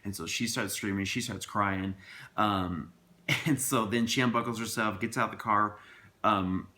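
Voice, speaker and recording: A man's voice: on the low side, fairly even intonation, a little slow, bright, forceful tone. A man telling a personal story to camera in a casual, rambling and earnest way, with many restarts and asides.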